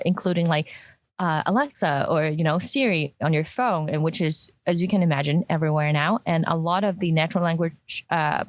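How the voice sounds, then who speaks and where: In a dry recording, a woman with a lowish voice talks casually during a discussion. She's a product designer, and her chatty delivery is packed with fillers and false starts.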